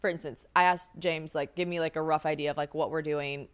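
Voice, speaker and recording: Young american woman rambling on her podcast, lowish voice, swears a lot, laughs mid-sentence. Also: fairly even intonation, a little fast, clear, resonant tone. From United States. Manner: chatty, swearing, laughs often, acts out quoted voices. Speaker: podcast host. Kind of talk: casual chat.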